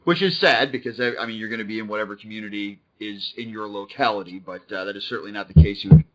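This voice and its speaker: A man hosting a podcast, talking in a brash, profane, animated way and opening with a scripted intro. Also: lowish voice, fast talker. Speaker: podcast host. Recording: dull lo-fi call audio.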